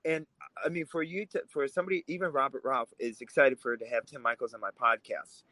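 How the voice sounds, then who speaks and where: A man's voice: mid-range voice, fairly even intonation, a little fast, bright, forceful tone, no echo, poor audio. A man who grew up in Russia, co-hosting a political podcast, talking in a heated, emphatic way. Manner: fired up, emphatic, swears when angry. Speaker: podcast co-host.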